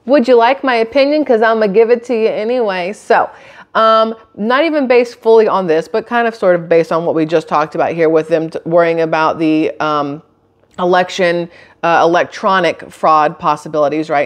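A woman with a lower-pitched voice talks straight to her camera microphone. She reads news items aloud and then cuts in with blunt, chatty opinions of her own. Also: moderate pace. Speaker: channel host. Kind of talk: casual commentary reading news.

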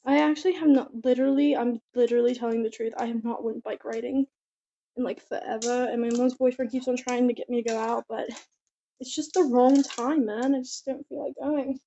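A teenage girl vlogging outdoors at home, chatting in a rambling, giggly, excitable way into a handheld phone. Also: on the high side, a little fast, slight background noise. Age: teens. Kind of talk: casual chatty vlog. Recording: dull, muffled phone audio.

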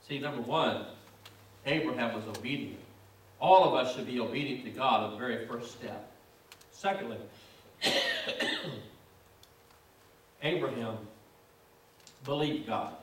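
A man's voice: mid-range voice, moderate pace, pauses often, a little hiss or hum. A man preaching a sermon, reading scripture and building to emphatic, repetitive exhortation. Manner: emphatic, repetitive preaching cadence with rising fervor. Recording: echoey room, distant mic.

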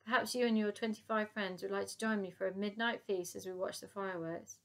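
A woman's voice: mid-range voice, fairly even intonation, a little fast, gravelly, natural voice. A woman voicing a stately elderly queen. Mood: regal. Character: elderly stately queen, weary but kind.

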